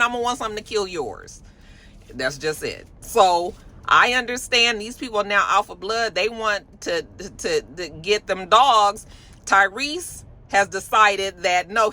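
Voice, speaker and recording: A woman hosting a casual commentary show, talking in an animated, profane way that swings from low mutters to loud high exclamations. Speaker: host.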